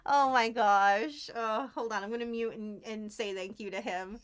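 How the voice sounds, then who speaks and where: Woman streamer, high voice, chatty and giggly, gushing thanks, small home room. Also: moderate pace, smooth. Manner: chatty, giggly and effusively grateful. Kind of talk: casual livestream chat while crafting. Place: tiny warm room at home.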